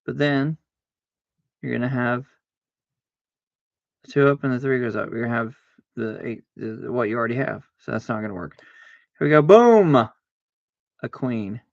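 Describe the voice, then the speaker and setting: A man streaming a card game, chatting casually to himself, arguing back and forth aloud with sudden excited exclamations. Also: medium pitch, normal speed, creaky, pauses often, no echo, highs cut off. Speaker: livestreamer playing solitaire. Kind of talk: casual self-talk while gaming.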